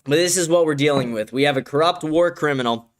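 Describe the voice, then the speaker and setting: Young man, livestream political commentary host, crude profane ranting, reads out chat, slightly high voice. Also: quick pace.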